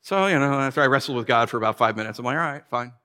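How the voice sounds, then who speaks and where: A man in his thirties preaching a casual storytelling sermon as pastor, animated and acting out voices from his stories. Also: mid-range voice, racing. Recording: long hall reverb.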